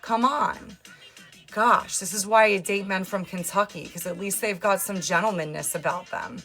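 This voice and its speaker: A woman hosts a casual livestream, reading her chat aloud and teasing viewers with loud, sarcastic humor. Her voice sits at an ordinary middle pitch for a woman, and faint music plays underneath. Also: normal speed. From New York. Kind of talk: casual live-stream chat, reading comments.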